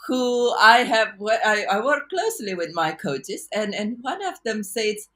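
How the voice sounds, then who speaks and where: A woman's voice: medium pitch, expressive, a little slow, few pauses, fairly bright tone. A woman coach telling a personal story to camera in an earnest, reflective way, often stopping and restarting her sentences. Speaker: life and business coach.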